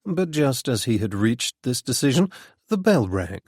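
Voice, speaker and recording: Brief: male audiobook narrator, lively pitch movement, dry close studio mic. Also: normal speed, dry recording. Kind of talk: scripted narration.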